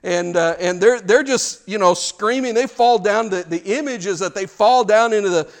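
Middle-aged guy preaching, kinda high voice, chatty and animated, acts out little scenes. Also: moderate pace. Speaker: pastor. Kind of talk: sermon.

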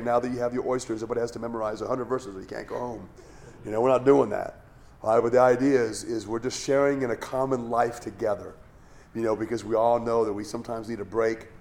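A man's voice: medium pitch, a little mellow. A man teaching the Bible as a pastor. He talks in a conversational way, often restarts phrases and checks in with "all right?".

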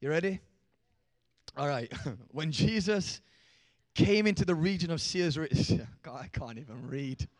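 A young male pastor with a high voice preaches to his congregation. He delivers the sermon in an animated way, teasing the listeners and then rising to shouted emphasis. The sound is dry and close to the mic. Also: unhurried, no echo. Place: church.

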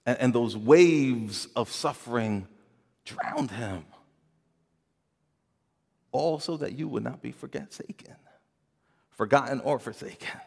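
A man preaching a sermon in an earnest way, moving from hushed, quiet passages to rising emphasis and often repeating his words. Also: mid-range voice, lively intonation, takes it slowly, gravelly, long pauses, husky, big-room sound. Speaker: pastor.

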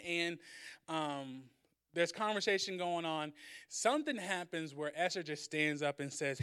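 Young male preacher, high and smooth-voiced. Casual, animated storytelling. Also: unhurried. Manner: animated, acts out characters.

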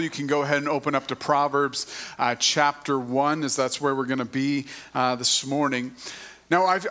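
A middle-aged man on church staff giving a sermon in a casual, halting way, often repeating words and using fillers. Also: fairly high pitch, a bit bright.

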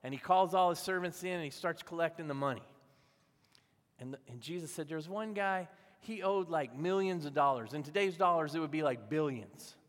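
In a large hall, a pastor with a somewhat high voice preaches a sermon at a moderate pace. He tells a parable conversationally, acting out the voices of its characters.

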